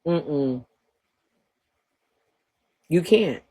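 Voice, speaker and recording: A woman's voice: low voice, expressive, very slow, mellow, husky. A woman hosting a livestream, talking bluntly and profanely in a trash-talking rant, breaking into laughter often. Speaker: livestream host.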